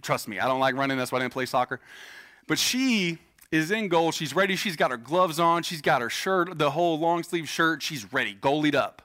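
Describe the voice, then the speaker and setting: A man's voice: a little high, bright, forceful tone. A man in his thirties, a pastor preaching a sermon in a casual, joking way, telling personal stories to a church congregation. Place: church stage before a congregation.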